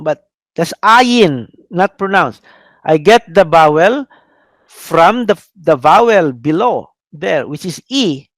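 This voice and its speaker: A Filipino-accented priest lectures a class, drilling each word slowly and tagging his sentences with a questioning "no?". His voice sits fairly high for a man, and he often stalls on fillers and restarts. The recording is close and dry, with no room echo. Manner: hesitant, many "uh" fillers and restarts. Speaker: priest lecturing on biblical Hebrew.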